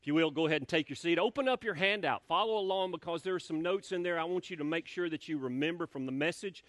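A male pastor preaches in a church sanctuary, speaking conversationally, repeating words and asking the congregation questions. His fairly high, slightly bright voice moves at a quick pace in a dry recording.

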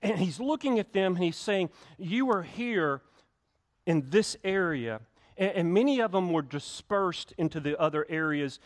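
A man's voice: sits high, expressive, normal speed. A male pastor, preaching a conversational sermon to his church with frequent restarts and acted-out quotes. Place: church sanctuary.

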